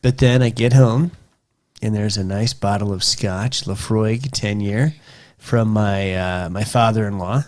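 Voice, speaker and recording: A man co-hosting a casual podcast chat over a scotch tasting, telling stories in an animated, rambling way. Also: fairly low pitch, measured pace. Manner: animated storyteller, rambling with restarts. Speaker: podcast co-host.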